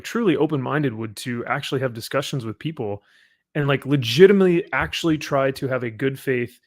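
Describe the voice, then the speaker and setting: A man hosting a casual talk show, chatting loosely with lots of fillers and frequent laughs. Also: medium pitch. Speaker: podcast host. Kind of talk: casual chat.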